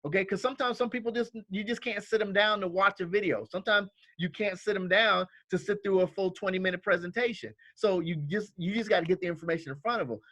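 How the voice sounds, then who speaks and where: A man's voice: sits high, a bit bright, dry recording. A man training new team members in a casual, coaching way. He often checks in with "okay?" and acts out quoted lines in livelier voices. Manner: coaching, repeats "okay?" and "all right?" often.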